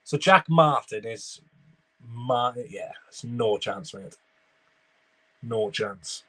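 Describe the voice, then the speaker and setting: A man's voice: medium pitch, animated, takes it slowly, pushed and bright. A young man streaming a live football watchalong, giving running commentary and chatting with viewers. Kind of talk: live match reaction with chat replies.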